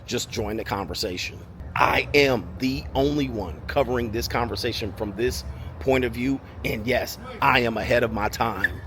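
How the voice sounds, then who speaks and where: A man's voice: medium pitch, normal speed, a bit bright, slight background noise. A man confidently promoting his channel outdoors. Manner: confident, salesy. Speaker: host doing a promo.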